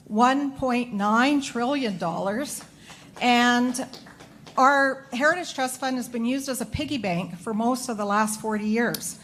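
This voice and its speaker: An older woman from Alberta speaks at a town hall in a firm, matter-of-fact way. Her voice is fairly high. Faint room noise sits behind her. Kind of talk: public comment at a town hall.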